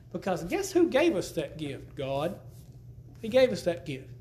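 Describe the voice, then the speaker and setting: Man preaching in church, high voice, folksy, emphatic, echo from the room. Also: darkish tone. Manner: folksy and emphatic, repeats words while teaching. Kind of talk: sermon.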